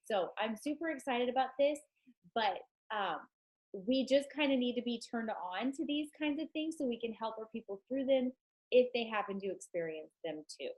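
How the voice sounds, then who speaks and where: A woman's voice: fairly high pitch, animated, normal speed, a little mellow, low-quality recording. A chatty, enthusiastic woman with a stuffed-up nose, talking casually to her team on a live stream, with many ums.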